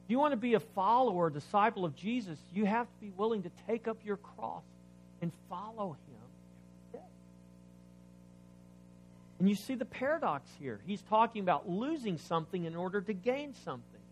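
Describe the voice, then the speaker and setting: A man preaching a sermon, reading scripture aloud and explaining it, asking the congregation questions, swinging between loud emphasis and quiet asides. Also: high-pitched, expressive, fairly quick, faint music behind. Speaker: pastor.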